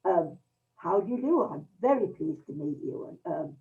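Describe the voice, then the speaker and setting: A man's voice: fairly high pitch, sing-song, normal speed. A woman voicing a shy, heavy-set young male aristocrat who stammers and speaks hesitantly, with very polite manners. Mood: shy, awkward. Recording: tinny distant video-call audio.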